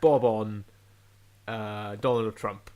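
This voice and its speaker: A man's voice: lowish voice, steady tone, takes it slowly, darkish tone. A man co-hosting a podcast, chatting playfully and poking fun at himself. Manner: playful, self-mocking. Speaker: podcast co-host. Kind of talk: casual banter.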